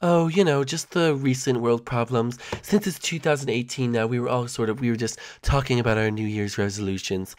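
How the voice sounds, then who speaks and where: A performer voicing an earnest young woman who runs a city, speaking haltingly with many fillers. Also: medium pitch, lightly acted. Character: calm, earnest young city leader, Pauline.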